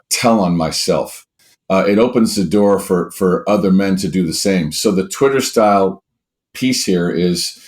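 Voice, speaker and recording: Low-voiced man, emphatic coach. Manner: emphatic, animated, with occasional swearing; acts out quoted speech in a raised voice. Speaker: guest, coach and author. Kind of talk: conversational interview answers.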